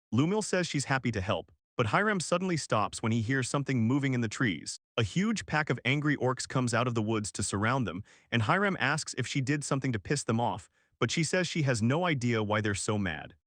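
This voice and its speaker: A man narrating a comic story recap in a casual, slangy, brisk scripted style. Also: medium pitch, a bit bright, dry recording, studio quality.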